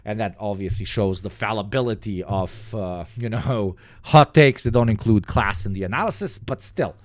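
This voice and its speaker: A Balkan man streams reaction commentary that's sarcastic and profane, rambling from one point to the next. His voice is lowish and moderately paced, recorded with studio quality and no room sound.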